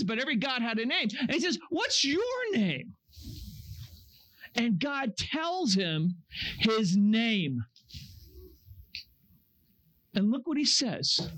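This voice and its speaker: A camp speaker giving a sermon to young teens, telling the story with energy, acting out the voices in it and asking the audience questions. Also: medium pitch. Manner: lively storyteller, quizzes the audience; acts out quoted voices.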